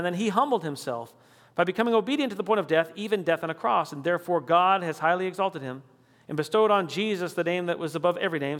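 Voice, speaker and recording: Male pastor, high voice, emphatic sermon delivery, reverberant church hall. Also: fairly bright tone. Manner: emphatic preaching, rising on key declarations, dropping low and slow for scripture.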